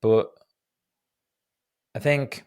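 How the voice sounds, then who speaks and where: A man's voice: extremely slow, darkish tone. A man in his thirties hosting a solo podcast, answering listener questions in a reflective, hesitant way with many fillers and restarts. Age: 30s. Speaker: podcast host.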